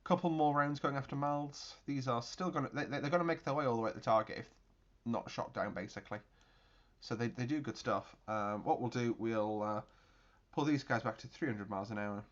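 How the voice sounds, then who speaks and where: A man hosting his channel, giving chatty, excitable gameplay commentary with mouth-made explosion noises. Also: mid-range voice, fairly quick, lo-fi sound. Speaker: video game channel host.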